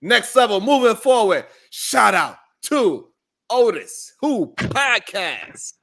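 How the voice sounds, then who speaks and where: A man on a podcast panel, animated, reading viewer comments aloud and passing the turn to the next speaker. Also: sits high, slow pace, creaky. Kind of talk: casual panel talk.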